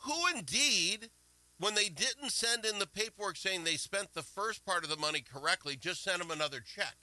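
Animated indignant radio host man. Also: high voice, moderate pace, no echo, low-quality recording. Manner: animated, indignant, swings loud and quiet. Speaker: radio talk show host. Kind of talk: casual political talk radio. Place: Minnesota.

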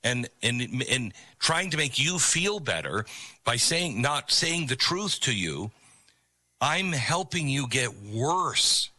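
A man's voice: mid-range voice, very animated, slow pace, sharp tone, dry recording. A middle-aged man hosting an opinion commentary show, talking in an emphatic, preachy way about a video clip. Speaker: commentary host.

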